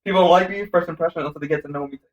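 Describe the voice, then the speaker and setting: High, fast-talking brash man. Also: roomy sound, highs cut off. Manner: brash, profane and joking. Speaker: podcast co-host. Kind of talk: casual chat.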